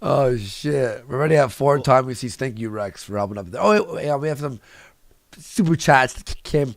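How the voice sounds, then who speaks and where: A man's voice: mid-range voice, animated, moderate pace, creaky, no room sound. A man hosting a livestream in casual, crude, joking banter, laughing often. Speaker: livestream host.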